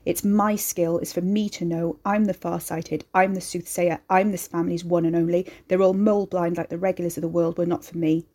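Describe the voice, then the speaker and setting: A woman doing a gruff, sniffling young man. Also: fairly low pitch, little pitch movement, a little fast, few pauses, warm tone, close to an everyday voice. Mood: bitter. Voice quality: gravel gruff. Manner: sniffling, muttering, swearing. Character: grieving gruff young man, self-pitying and bitter.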